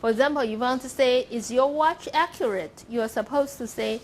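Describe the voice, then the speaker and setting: Slight background noise accompanies a woman whose voice is on the high side as she lectures university students at a moderate pace. Step by step, she models pronunciations aloud and keeps asking "okay?".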